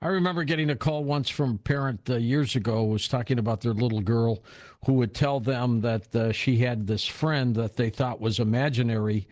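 A man's voice: medium pitch, fairly quick, darkish tone. Storytelling male radio host. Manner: storytelling, conversational. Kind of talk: call-in radio show.

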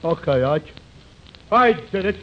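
An actor in a 1940s radio comedy playing a slow-witted, deadpan male tavern sidekick, on an old lo-fi recording with loud hiss. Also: on the high side. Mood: dopey.

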